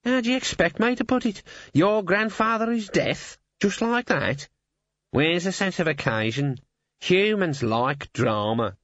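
A gossipy talking raven from an audiobook, put on by a male narrator, pitched up and bouncing all over the place. He is a cocky know-it-all with a slightly dull, dry studio sound. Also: expressive, measured pace, a bit bright, dry recording. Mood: teasing. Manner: gossipy and teasing, with a playful stammer.

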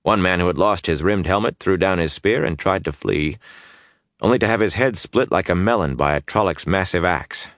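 A man's voice: deep voice, normal speed, a bit bright, no echo, studio quality. A man narrating a fantasy audiobook with intense, dynamic storytelling that swells through the battle scenes.

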